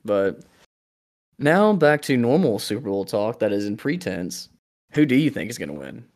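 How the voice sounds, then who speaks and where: A man's voice: mid-range voice, very animated, normal speed, a little mellow. A young man co-hosting a podcast, chatting casually in a rambling, jokey way and often trailing off and restarting. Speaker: podcast co-host. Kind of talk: casual chat.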